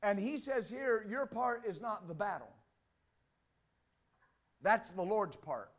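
A man preaches a sermon in a high, bright register. He reads passages of scripture aloud, then breaks them down with emphatic repetition. He returns again and again to the same short phrases to drive his points home. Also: slow pace. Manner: emphatic, repeats "Amen" and "believe that". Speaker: pastor.

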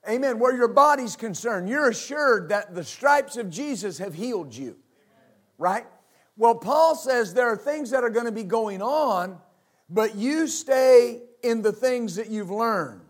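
A man pastor preaching to a congregation, with halting restarts, asking them for responses and adding frequent amens. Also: extremely high pitch, expressive. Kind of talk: sermon. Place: church service with congregation.

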